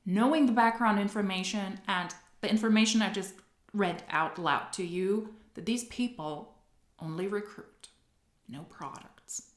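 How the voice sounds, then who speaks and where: A woman's voice: mid-range voice, measured pace, reverberant. A woman giving sarcastic reaction commentary, mocking what she plays with dry asides. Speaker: commentary video creator.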